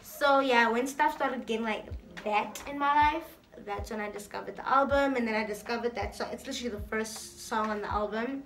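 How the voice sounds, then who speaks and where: A woman's voice: on the high side, brisk, few pauses, fairly bright tone. A woman vlogger chatting casually through a get-to-know-me Q&A, reading out each question and answering it in a playful, talkative way.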